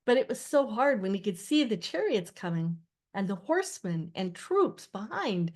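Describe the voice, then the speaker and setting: An older woman narrating a novel as an audiobook reader, expressive and rising sharply for shouted lines. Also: medium pitch, a little slow. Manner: expressive reading that rises for quoted shouts.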